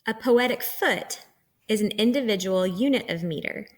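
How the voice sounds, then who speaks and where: A woman's voice: mid-range voice, moderate pace. A woman teacher giving a recorded lecture, explaining terms patiently step by step.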